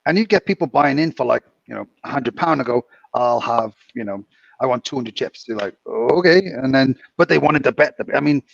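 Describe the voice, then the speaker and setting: A man co-hosting a podcast, who works as a casino dealer, chats casually, rambling through stories with chuckles and filler words. His medium-pitched voice is brisk, creaky and husky, recorded with a dull, muffled, dry mic and no room sound.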